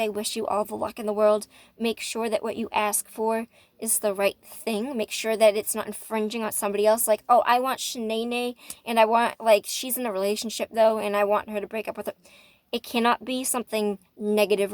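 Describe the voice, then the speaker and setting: A woman talks through a tarot reading in a loose, rambling way, earnest and now and then swearing. Her voice sits fairly high, and the recording is dry with no room sound. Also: dry recording. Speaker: tarot reader. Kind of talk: casual tarot reading monologue.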